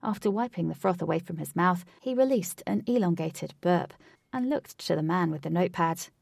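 A woman narrating a story aloud in a steady, even reading voice. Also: lowish voice, moderate pace, creaky, no room sound, studio quality, distant mic. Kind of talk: audiobook narration.

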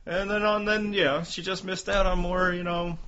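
A man's voice: high-pitched, level tone, normal speed, bright, forceful tone. A man co-hosting a podcast in casual chat, wry and teasing with strong opinions. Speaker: podcast co-host. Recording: dull lo-fi audio.

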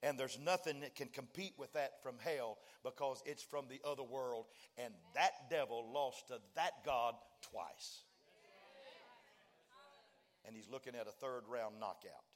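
A male preacher with a medium-pitched voice delivers a sermon at a measured pace. He mixes folksy, joking asides to the congregation with declarations that rise in fervor, acting out dialogue and building to fervent shouting.

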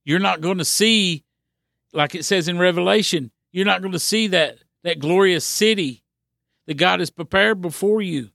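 A man's voice: sits high, normal speed, gravelly, bright, forceful tone, no room sound, clean studio sound. A man preaching a podcast sermon in an earnest, repetitive exhorting manner with frequent restarts.

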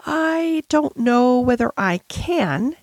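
A woman reading aloud, voicing a polite, thoughtful young girl who speaks softly and earnestly in a half whisper. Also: high voice, sing-song, slow pace, no echo, voice pushed up, heavily acted.

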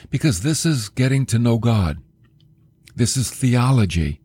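A male podcast preacher teaching Scripture in an animated sermon style, often turning to ask the listener questions. His voice is husky and moves through a wide range of pitch. The recording is dry and close, with no room sound. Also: a little slow, no echo.

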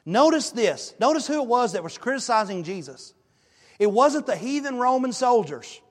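A male pastor preaching a sermon and telling a story in a lively, emphatic way. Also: very high voice, moderate pace, long reverb tail. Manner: animated storytelling, emphatic rises. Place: church sanctuary.

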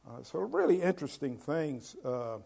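A man preaching a sermon in a slow, halting way, with many fillers and restarts, stressing key words so his voice swells and then drops. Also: fairly high pitch, big pitch swings, creaky, warm tone, breathy edge. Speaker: pastor.

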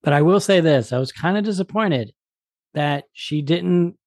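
A man's voice: a little high, normal speed, a little mellow, no echo. Enthusiastic man reviewing movies, dry sound. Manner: enthusiastic, frequent word repeats. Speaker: podcast host. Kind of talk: casual movie review chat.

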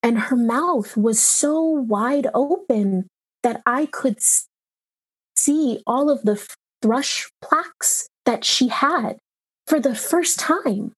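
A woman in her thirties, a mother recounting a hard experience in an interview, emotional and halting with many pauses and fillers. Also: sits high, animated, slightly rough. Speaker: mother telling her story. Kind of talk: personal account in an interview.

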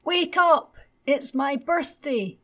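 A woman voicing an excited small boy on his birthday, loud, slow and gleeful. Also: mid-range voice, breathy edge. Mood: shouting.

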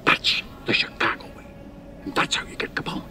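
An actor with a Scottish accent playing a tough veteran police officer, giving blunt advice in a film scene. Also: male voice, brisk, sharp tone, slight background noise. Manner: blunt, instructive.

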